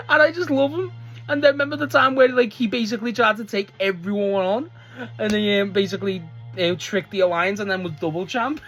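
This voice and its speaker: An excitable wrestling fan host rambles in a loose, casual monologue, cursing freely and often breaking off to restart a thought. The voice sits at a middling pitch. Faint music plays underneath. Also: brisk.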